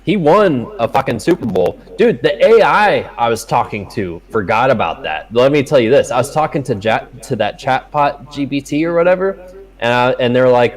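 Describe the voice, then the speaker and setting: A young man of medium pitch co-hosts a casual sports betting podcast, talking a little fast. He swears often and tells stories animatedly, though the audio is poor.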